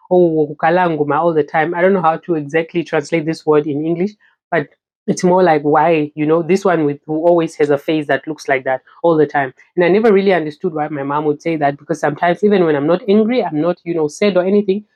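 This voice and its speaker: A woman's voice: lowish voice, darkish tone. A young woman from Namibia vlogging casually to camera, chatty and full of "you know" fillers. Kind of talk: casual talking-to-camera vlog.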